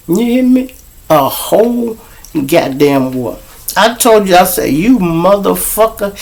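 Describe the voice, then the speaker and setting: Guy, gravelly, slow-talking, cussing and roasting folks while telling stories live from outside. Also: fairly high pitch. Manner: profane, blunt and mocking. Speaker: show host and storyteller. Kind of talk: street storytelling to a live audience. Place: outdoors.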